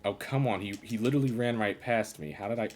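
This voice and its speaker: Deep-voiced man grumbling over a game. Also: fast talker, darkish tone, faint music behind. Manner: exasperated, sarcastic grumbling. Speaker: streamer. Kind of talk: live gameplay commentary.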